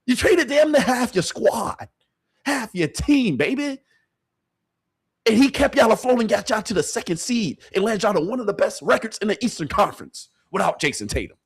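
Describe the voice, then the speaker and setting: A man's voice: high-pitched, big pitch swings, moderate pace, husky. Heated man ranting about sports. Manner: heated, repetitive, talks straight to the audience with slang. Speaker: host. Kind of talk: animated sports commentary to a stream chat.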